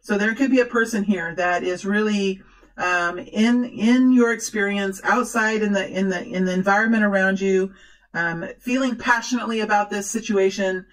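A woman talks through a tarot spread in a loose, conversational way. She fills pauses with ums and often starts over mid-sentence. Her tone stays encouraging toward the listener. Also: mid-range voice, poor audio. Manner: chatty and rambling, many fillers and restarts, encouraging. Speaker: tarot reader. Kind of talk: casual tarot reading to camera.

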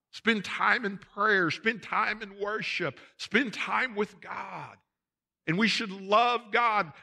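A man's voice: high voice, pushed and bright. A man preaching a sermon as pastor of a church, repeating his points and calling the congregation folks. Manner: preaching with emphatic repetition, addressing the congregation as folks. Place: church sanctuary.

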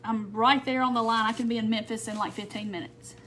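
Southern woman, slightly high voice, easygoing crafter talking viewers through a project, faint room hum behind. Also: fairly even intonation, a little fast, fairly bright tone. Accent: Southern American. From not from North Mississippi. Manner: chatty, reads out viewer comments. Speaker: crafter hosting a live stream. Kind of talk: casual craft tutorial chat. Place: home craft table.

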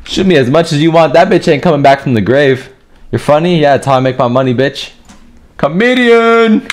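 A young man giving profane, joking commentary over his gameplay, trash-talking other players and often breaking into yells. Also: medium pitch. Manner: bursts into yelling. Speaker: gaming video creator.

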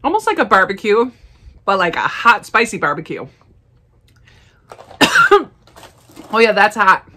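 A woman chatting casually as she unboxes and tastes snacks, upbeat and quick to laugh. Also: medium pitch, very animated, pushed and bright. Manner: chatty, enthusiastic, frequent laughs. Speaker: snack reviewer. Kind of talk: casual unboxing and tasting vlog.

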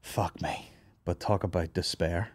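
Sweary Northern Irish man, lowish voice. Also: fairly even intonation, a little slow, no echo. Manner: sweary, rambling, laughs often. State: hungover and tired. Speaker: podcast host. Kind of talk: casual comic storytelling. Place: office.

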